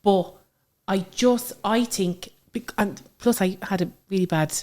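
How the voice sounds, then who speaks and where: A woman in her thirties with an Irish accent, telling stories about her daughter in a chatty, animated way. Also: mid-range voice, measured pace. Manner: chatty, animated storytelling with frequent fillers. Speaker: interview guest, mother. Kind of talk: casual conversational interview.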